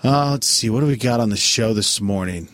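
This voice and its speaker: A man's voice: on the low side, a little fast, dry recording. A man hosting a morning radio show in a radio studio, with upbeat, chatty host patter. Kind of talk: casual on-air banter.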